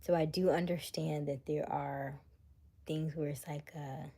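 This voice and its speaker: Low husky-voiced woman chatting on a livestream. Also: fairly even intonation, measured pace, dark tone. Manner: chatty, musing, drops to a near-whisper when reading comments aloud. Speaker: livestream host. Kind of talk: casual livestream chat.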